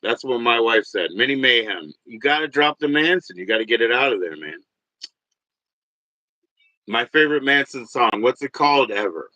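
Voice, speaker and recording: A man's voice: mid-range voice, animated, normal speed, no echo, dull audio. Rambling profane man in his forties. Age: 40s. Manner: rambling, profane, swings between loud and muttered. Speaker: livestream host. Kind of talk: casual livestream rant.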